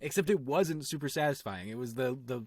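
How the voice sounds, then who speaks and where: A man's voice: medium pitch, fairly quick, dry recording. A young man co-hosting a casual podcast, telling stories with lots of acted-out quotes. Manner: animated storytelling, acts out quotes. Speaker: podcast co-host.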